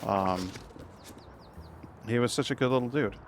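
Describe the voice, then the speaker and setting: Casual male game streamer, mid-pitched, rambling chatty storyteller. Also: unhurried, slight background noise. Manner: rambling, warm storytelling with frequent restarts. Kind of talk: casual live-stream chat.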